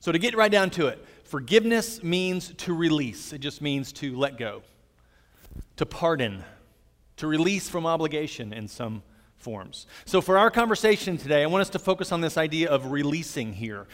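A man preaching a sermon, earnest and gentle, telling personal stories as he speaks to the congregation. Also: a little high, expressive, moderate pace, long reverb tail. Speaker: pastor.

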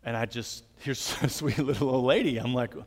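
A man's voice: medium pitch, moderate pace. Earnest man preaching in a reverberant hall. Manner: earnest, gentle storytelling preacher. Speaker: pastor. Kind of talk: sermon.

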